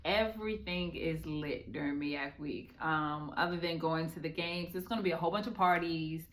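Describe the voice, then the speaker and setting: A young woman guest chats in an easy, upbeat way, pausing on ums as she gathers her thoughts. Her voice sits a little lower than most women's. It is an unscripted interview conversation. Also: a bit bright. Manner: upbeat, hesitant with frequent ums. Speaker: guest author. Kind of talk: casual interview chat.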